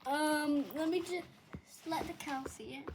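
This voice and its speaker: A young woman with a high voice speaks slowly in casual chat, giggling and hesitating before each answer. Her playful manner runs through the talk. Clear noise sits behind her voice. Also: fairly even intonation. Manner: giggly, hesitant, makes playful sound effects. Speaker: guest rating fidget toys.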